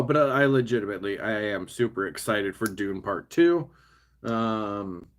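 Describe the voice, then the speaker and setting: A man's voice: mid-range voice, a bit bright. A man talking casually as he builds a toy set, rambling, muttering to the pieces and laughing at himself. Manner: chatty, self-mocking, often laughing to himself; mutters and talks to the pieces while fiddling.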